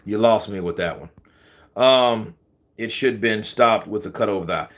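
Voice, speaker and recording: Bright-voiced man doing boxing commentary. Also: fairly low pitch, normal speed. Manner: slangy, animated, answers viewer comments. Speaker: boxing channel host. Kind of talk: casual commentary.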